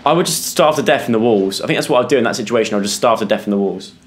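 A man's voice: on the low side, expressive, rapid-fire. A young British man commentating a horror game for viewers, jumpy and yelping when scared. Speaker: gaming YouTuber. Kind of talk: let's play commentary.

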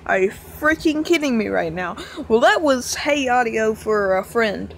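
A woman's voice: fairly high pitch, expressive, slow, slight background noise. A woman hosting a gaming channel, talking casually to fans in a giggly, rambling, self-mocking way with a strained, worn-out voice.

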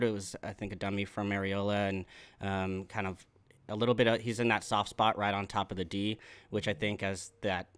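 A man's voice: fairly low pitch, fairly bright tone, smooth. A man co-hosting a casual soccer chat, laid-back and thoughtful, with frequent "um"s. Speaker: soccer analyst co-host.

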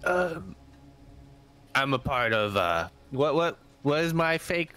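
A man's voice: on the high side, big pitch swings, slow pace, pushed and bright. Playful man repeating words. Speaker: player. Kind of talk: tabletop game chat.

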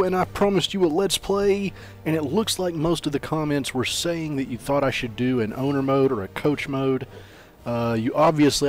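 A chatty man talks over his own gameplay at a desk mic, rambling and hyping his plays with playful trash talk. His voice sits at an ordinary middle pitch. Faint game music plays behind him. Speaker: let's play gamer. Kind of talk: casual gameplay commentary.

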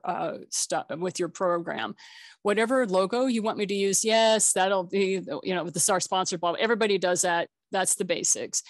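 A chatty woman hosts a casual online networking call, joking and laughing between introductions. Her voice sits at an ordinary middle pitch and sounds dry and close, with no room around it. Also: no echo. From Colorado. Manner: chatty, jokey, laughs often. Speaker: host.

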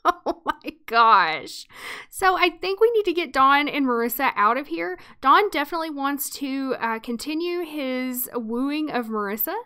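A woman's voice: sits high, animated, normal speed, few pauses, pushed and bright. A woman hosting a life-sim let's play who chats and narrates the story in an amused way. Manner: chatty, amused. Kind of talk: casual game commentary with storytelling.

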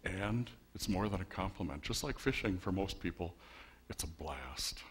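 A male pastor delivers a sermon in a low voice. He keeps it wry and conversational and works the congregation with rhetorical questions. He speaks from a church sanctuary. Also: expressive, moderate pace, fairly bright tone, breathy edge.

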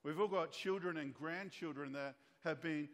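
A man's voice: fairly high pitch, moderate pace, a bit bright. A man preaching a sermon as pastor, retelling a story and acting out the voices of its characters. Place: church hall. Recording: long church hall reverb.

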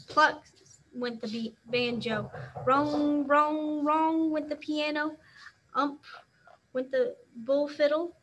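A woman teacher reading a children's novel aloud, expressive and acting out the sound words. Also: high voice.

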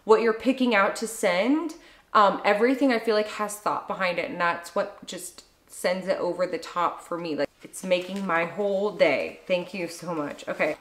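A young adult woman chatting casually to camera at home as she opens fan mail, gushing and excitable. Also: fairly low pitch, moderate pace, roomy sound. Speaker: vlogger opening fan mail.

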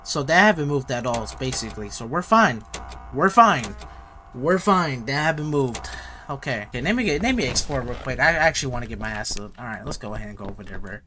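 A man's voice: mid-range voice, animated, fairly quick, pushed and bright, soft background music. A young man giving casual horror game commentary, jittery and slangy, repeating himself often. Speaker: gaming YouTuber.

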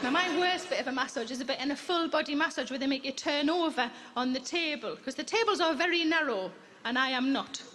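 High-voiced woman doing stand-up. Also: heavy background noise. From England. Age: 40s. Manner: deadpan storytelling, flat quoted voices. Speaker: stand-up comedian. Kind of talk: stand-up routine. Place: large theatre stage. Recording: live theatre recording with loud crowd. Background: loud audience laughter.

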